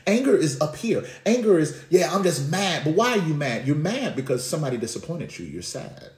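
Preaching man with a lively, echoey delivery. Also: a little high, a little fast. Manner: call-and-response preaching, swings from hushed to shouting; conversational, with slang. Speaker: pastor. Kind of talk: sermon.

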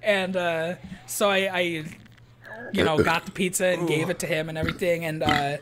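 Brief: young male co-host, rambling and profane, voice sits high. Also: little pitch movement, normal speed, fairly bright tone. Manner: rambling, profane, laughing between lines. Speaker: co-host of a gaming channel. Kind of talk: casual storytelling during a playthrough.

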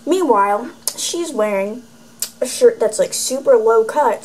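A teenage girl chats to her camera at home in a fairly high voice. She rambles, drops "like" everywhere and leans on dry sarcasm. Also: unhurried, a little hiss or hum, rough recording. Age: teens. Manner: rambling and sarcastic, heavy use of "like". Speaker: vlogger. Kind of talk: casual chatty vlog. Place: room at home, indoors. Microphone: camera facing her.

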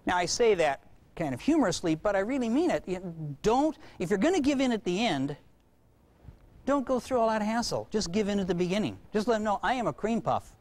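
A man lecturing parents in a humorous, animated way, acting out bits of dialogue between parent and child. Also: sits high, a little fast.

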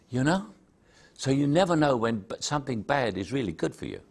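A man's voice: medium pitch, animated, fairly quick. An older man with a Cockney accent, an actor telling anecdotes about his career in an interview, self-deprecating and full of stories. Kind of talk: reminiscing interview.

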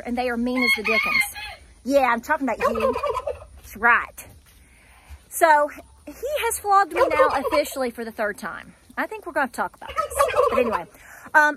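A woman with an Appalachian accent and a high voice rambles through a casual farm vlog, now and then cooing softly to her goats. She is recorded outdoors on a small farm, with faint animal and rooster sounds in the background. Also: background noise. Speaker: homesteader.

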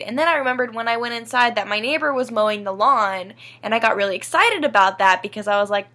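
Young woman, bright voice, casual vlog, rambling, emotional, swears a lot. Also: on the high side, fast, few pauses. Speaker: vlogger.

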